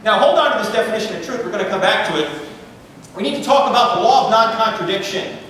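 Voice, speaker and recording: A middle-aged man lecturing with a fairly high voice and a playful, joking delivery full of quick asides to the crowd. His voice rings through a large hall with long reverb, heard from a distance with faint noise underneath. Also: expressive, fairly bright tone. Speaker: guest speaker. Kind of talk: humorous lecture to a live audience. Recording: echoey hall, voice picked up from far off.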